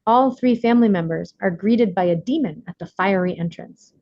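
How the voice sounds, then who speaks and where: A woman reading her own self-help book aloud in an earnest, measured, deliberate way. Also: mid-range voice, mellow, no echo, highs cut off.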